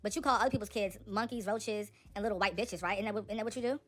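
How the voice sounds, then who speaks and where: A woman's voice: medium pitch, rapid-fire. A woman hosting a celebrity gossip channel, giving casual, sassy and opinionated commentary straight to her viewers.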